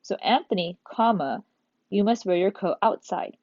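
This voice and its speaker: A woman teacher walking young pupils step by step through a recorded lesson, in an animated manner. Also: medium pitch, moderate pace, dry recording, dull audio. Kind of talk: recorded remote class lesson.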